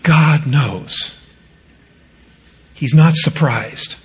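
A man preaching a sermon as pastor, rising into pleading quotes and dropping low and quiet for solemn points. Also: extremely slow.

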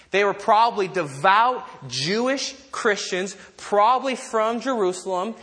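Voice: medium pitch, fairly bright tone. A pastor delivering a sermon in a loose, conversational manner. Jokes and side remarks aimed at the congregation break up the teaching, and key lines get repeated together. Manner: conversational, joking asides to the congregation; leads call-and-response repetition.

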